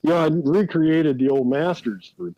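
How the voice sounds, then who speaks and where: A man's voice: on the high side, unhurried, dark tone, no room sound, highs cut off. A man telling folksy stories as a guest, easygoing and chuckling through his anecdotes. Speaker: guest, rifle builder. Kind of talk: anecdotal storytelling.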